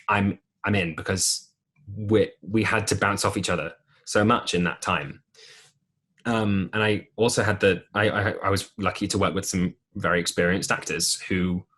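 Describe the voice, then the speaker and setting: A man's voice: deep voice, fairly bright tone. A young man, a musical theatre actor, chatting as a podcast guest in a rambling way with many restarts. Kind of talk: casual chat.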